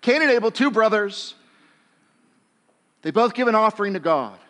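A male pastor preaching a sermon in a conversational way, dropping to a hush and then rising to emphatic lines, and acting out biblical characters in casual speech. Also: high voice, expressive, moderate pace. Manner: conversational, swings between hushed and emphatic.

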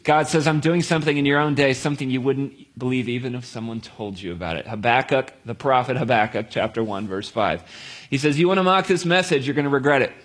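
A man preaching a sermon to a gathered group, in a conversational style with lively storytelling and asides. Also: mid-range voice, a little fast.

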